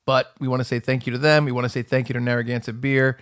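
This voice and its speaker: Man, comedy podcast co-host, casual chat, easygoing, laughs a lot, mid-pitched voice. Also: level tone, fast talker, a bit bright, smooth. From Rhode Island.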